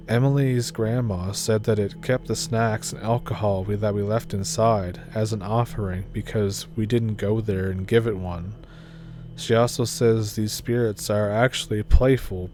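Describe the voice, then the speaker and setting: A man narrates a first-person story in a steady, low-key reading voice. His tone sits low and mellow. A faint hiss runs under the recording.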